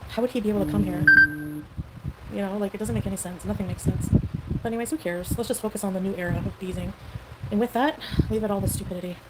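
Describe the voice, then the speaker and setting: A woman's voice: medium pitch, fairly even intonation, fast talker. Rambling woman livestreamer over noisy audio. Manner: rambling, defensive, full of fillers. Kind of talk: casual livestream talk. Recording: livestream audio with background noise.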